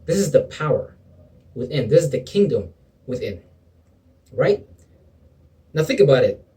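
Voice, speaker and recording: A man's voice: medium pitch, big pitch swings, measured pace, mellow, recorded from a distance, poor audio. A man giving an impassioned spiritual pep talk to camera, preachy and sometimes sarcastic, calling the listener bro and man. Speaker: motivational video preacher.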